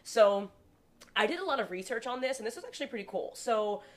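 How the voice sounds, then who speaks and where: A woman's voice: on the high side, expressive, fast. A young woman co-hosting a casual podcast, talking in a chatty way with lots of "like" fillers and frequent laughs. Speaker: podcast co-host. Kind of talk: casual chat.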